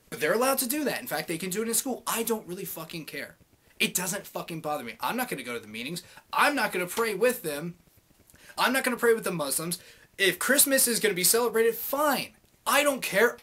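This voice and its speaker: A man's voice: sits high, big pitch swings, fairly quick, pushed and bright. Young guy ranting into his cam, swearing nonstop, voice jumping all over. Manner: swears constantly, heated and sarcastic. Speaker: vlogger. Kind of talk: profane casual rant.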